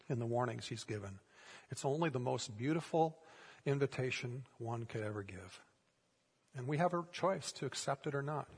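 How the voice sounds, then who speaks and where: A man preaching to his congregation, his voice rough and a little husky. He tells his story plainly, then drops into a hushed, prayerful tone. The sound rings on in a large hall with long reverb. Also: medium pitch. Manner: storytelling, growing soft and hushed toward a prayerful close. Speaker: pastor. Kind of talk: sermon.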